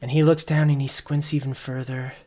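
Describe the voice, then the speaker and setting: A man narrating a tabletop game as game master over a video call, telling the story in an animated way and often repeating words. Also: medium pitch, brisk.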